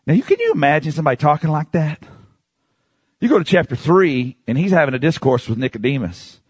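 Animated preacher man, lively high voice. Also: fairly quick, husky, no room sound. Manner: dramatic swings between high emphatic outbursts and low hushed asides; conversational, asks the listeners rhetorical questions. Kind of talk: expository Bible sermon.

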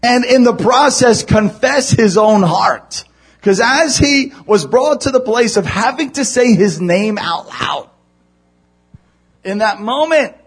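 A male pastor delivers a sermon in a high, husky voice with very lively pitch. He drops to hushed, low stretches and then climbs to near-shouted emphasis. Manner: animated, swings from hushed to shouting.

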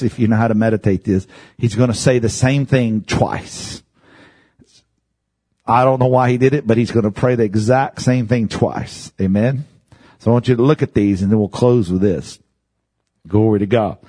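A man preaching a sermon, speaking gently at times and building to fervent, raised-pitch exhortation. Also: no echo. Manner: soft and slow at first, then rising to fervent high-pitched preaching.

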